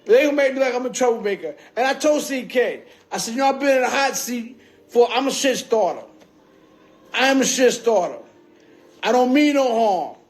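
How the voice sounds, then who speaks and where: A man with a high voice for a man rambles through a story on a livestream. He swears freely and keeps asking if you heard him. The sound comes through a phone mic. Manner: profane, streetwise, keeps checking in with "you heard?".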